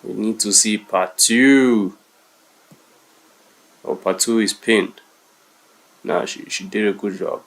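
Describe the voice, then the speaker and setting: A man's voice: on the low side, steady tone, takes it slowly, gravelly, long pauses, a bit bright, rough recording. A man streaming live reactions to video clips, exclaiming a lot and repeating himself. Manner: exclaims a lot, repeats words, calls everyone bro. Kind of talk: casual live reaction commentary.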